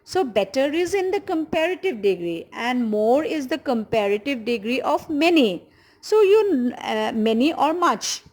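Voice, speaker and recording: In a low-quality recording, a woman with an Indian English accent teaches English grammar, patient in her explanations and slow when repeating key words. Her high-pitched voice is a little mellow and swings widely in pitch.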